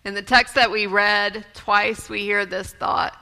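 A woman preaching a sermon in a church, speaking in a measured way and quoting scripture. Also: mid-range voice, steady tone, vocal fry, pushed and bright. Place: church sanctuary. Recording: long reverb of a church sanctuary.

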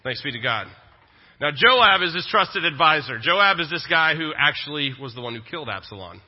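Pastor, relaxed joking sermon, slightly high voice, dull lo-fi church recording with a long reverb. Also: male voice, fairly quick. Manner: conversational, joking asides. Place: church sanctuary.

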